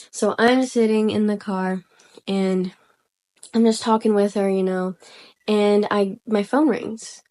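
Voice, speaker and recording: A soft-spoken young woman casually telling a personal story, rambling and hesitant with lots of fillers. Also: mid-range voice, fairly even intonation, unhurried. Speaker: vlogger.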